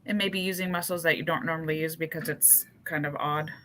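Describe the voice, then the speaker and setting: A woman in her forties co-hosting a podcast, telling stories in a lively, teasing way. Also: low-pitched, a little fast, a little hiss or hum. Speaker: podcast co-host. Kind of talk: casual chat.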